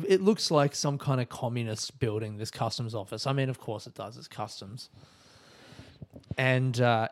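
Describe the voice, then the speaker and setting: An Australian man hosting a podcast, telling a story in a laid-back way, swearing freely and often laughing. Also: mid-range voice. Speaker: podcast host. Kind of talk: casual storytelling monologue.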